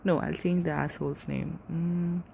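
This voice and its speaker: A woman's voice: sits low, fairly even intonation, normal speed, vocal fry, warm tone, a little hiss or hum. A young woman in her twenties hosting a casual solo podcast, rambling and swearing freely as she corrects herself. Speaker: podcast host.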